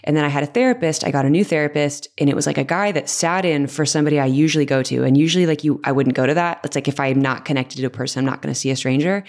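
Podcast guest: low-pitched woman in her thirties, casual, rambling, self-deprecating. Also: racing, hardly any pauses, a little mellow. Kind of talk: casual interview chat.

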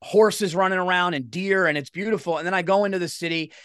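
A middle-aged man, a comedian guest telling stories in a rambling, animated way. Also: high-pitched, quick pace, clear, resonant tone, no room sound, studio quality. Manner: animated, rambling, self-interrupting. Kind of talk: casual interview storytelling.

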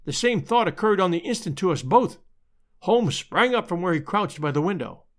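A man reading a story aloud as a measured, dramatic narrator. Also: high-pitched, animated. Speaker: audiobook narrator. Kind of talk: scripted narration.

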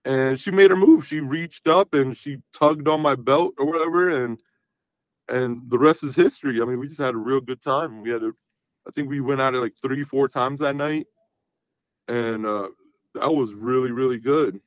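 A man's voice: mid-range voice, moderate pace, no echo. A man telling a long personal story in casual, rambling talk, full of swearing and "I'm like" asides. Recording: dull lo-fi sound.

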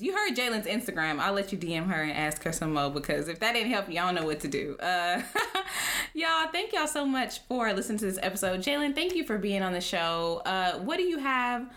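Bright young woman hosting a podcast. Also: fairly low pitch, expressive. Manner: quick reactions, wraps up the episode. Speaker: podcast host. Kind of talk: casual chat.

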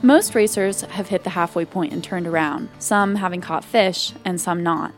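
A woman reporter narrating a documentary feature in a calm, reflective storytelling manner. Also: on the low side, moderate pace, soft background music.

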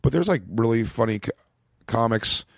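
A man's voice: medium pitch, animated, vocal fry, no room sound, clean studio sound. A male comedian chatting casually on a podcast, rambling and swearing as he acts out quotes in his stories. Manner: rambling, profane, quick to act out quotes. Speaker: comedian guest. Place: small home studio room.

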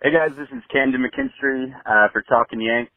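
A man's voice: medium pitch, normal speed, dry recording. A man leaving a rambling, casual voicemail for a podcast, full of "you know". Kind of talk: voicemail message. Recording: tinny phone line voicemail.

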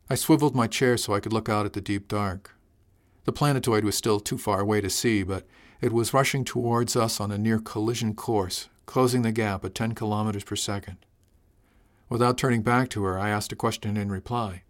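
A man narrating a story in the first person with a measured, reflective delivery. His voice sits fairly low. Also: fairly even intonation. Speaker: audiobook narrator.

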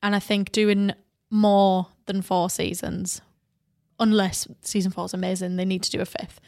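A woman co-hosting a casual TV podcast in a chatty, animated way. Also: mid-range voice, moderate pace, vocal fry. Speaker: podcast co-host.

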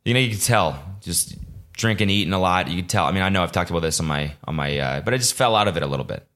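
A young man with a low voice talks off the cuff on his own podcast. He rambles and swears freely and sounds exasperated. Now and then he jumps into mocking voices. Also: expressive, quick pace, a bit bright. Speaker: podcast host. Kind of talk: casual solo podcast rant.

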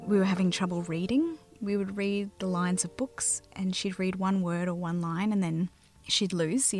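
An Australian woman recounts her family's story in a soft, halting voice that keeps sinking to a near whisper. Her voice sits low, with a gravelly fry, over faint music in the background. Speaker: mother telling her story. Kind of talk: personal storytelling interview.

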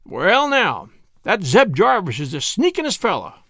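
A man's voice: high voice, wildly swooping pitch, unhurried, fairly bright tone, no echo, studio quality, heavily acted. Male reader playing an old country cobbler, teasing and folksy, rustic drawl, voice nudged up a bit.

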